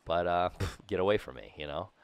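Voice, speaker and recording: Man, gaming commentary, deep voice, smooth and clear, rambling, goofy outbursts. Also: animated, a little fast, dry recording. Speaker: gaming YouTuber. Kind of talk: casual gameplay commentary.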